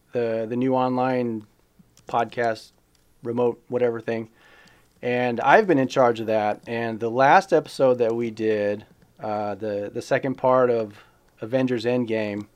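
A man's voice: mid-range voice, steady tone, a little slow, clean tone. A man in his thirties co-hosting a casual podcast, easygoing and full of fillers. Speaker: podcast co-host. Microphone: remote recording setup.

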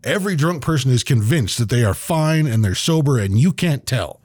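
A man's voice: mid-range voice, moderate pace, dry recording. A man chatting casually and animatedly, swearing freely and acting out quotes. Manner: animated, profane, acts out quotes. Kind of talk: casual chat.

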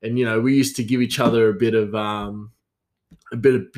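A man's voice: lowish voice, fairly even intonation, brisk, a little mellow. Rambling man telling casual stories. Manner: rambling, lots of fillers and restarts, frequent laughter. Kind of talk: casual storytelling.

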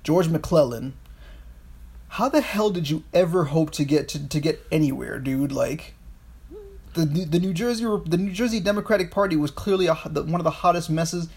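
A man's voice: a little high, moderate pace, a little mellow, husky. A man co-hosting a podcast, chatting casually about history, rambling with frequent restarts and swearing. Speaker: podcast co-host.

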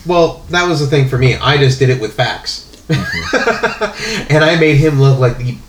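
A man's voice: fairly high pitch, animated, a little slow, roomy sound, slight background noise. A man casually telling a long story about his old job, rambling with many fillers and restarts. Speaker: podcast guest telling a work story.

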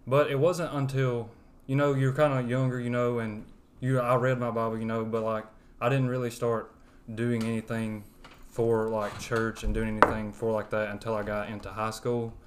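A man's voice: medium pitch, little pitch movement, normal speed. A young man from West Alabama with a thick Southern accent, earnestly sharing his personal testimony as a podcast guest. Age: young adult. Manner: earnest, rambling with fillers.

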